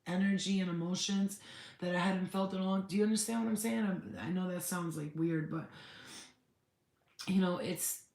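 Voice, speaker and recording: A woman's voice: on the low side, fairly even intonation, normal speed, creaky, darkish tone, roomy sound. A woman hosting a spiritual livestream, chatting candidly, swearing freely and answering viewer comments. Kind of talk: casual livestream chat.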